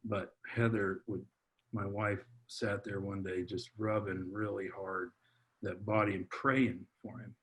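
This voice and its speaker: A man on a podcast, telling a heartfelt personal story in a halting way, full of restarts and repeated words. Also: fairly low pitch, level tone, a bit bright. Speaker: podcast guest, father. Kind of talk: heartfelt personal testimony in conversation.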